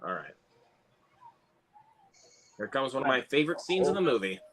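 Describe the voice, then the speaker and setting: An excitable man hosts a casual movie watch-along, cursing lightly as he reacts. His voice is bright and forward, and his pitch swings widely. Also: a little hiss or hum. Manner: excitable, swears, quick reactions. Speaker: host.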